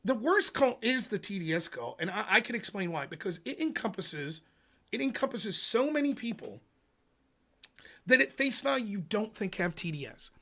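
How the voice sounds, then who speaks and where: A man with a high, bright voice hosts a political livestream. He rants in a casual, profane way, and his pitch swings widely as he argues. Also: normal speed. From United States. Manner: animated, profane ranting. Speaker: livestream host.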